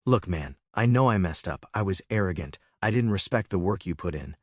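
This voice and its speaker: A man's voice: low voice, animated, fairly quick, no room sound, clean studio sound. A man voicing an arrogant young brother who talks casually and gets defensive. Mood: wheedling.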